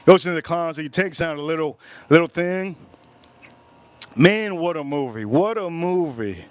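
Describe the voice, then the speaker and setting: A man's voice: fairly high pitch, expressive, normal speed, dry recording. A man hosting a live stream, chatting casually and rambling while he answers viewers' comments. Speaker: livestream host. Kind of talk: casual livestream chat.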